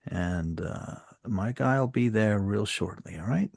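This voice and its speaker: A man voicing a brisk, protective woman on the phone who takes charge with urgent reassurance, in a low gravelly voice. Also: darkish tone, no room sound, clean studio sound, full character voice.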